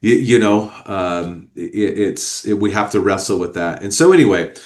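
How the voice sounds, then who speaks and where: A man hosting a faith interview, speaking in a measured, reflective way. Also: on the low side, darkish tone. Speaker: podcast host and pastor.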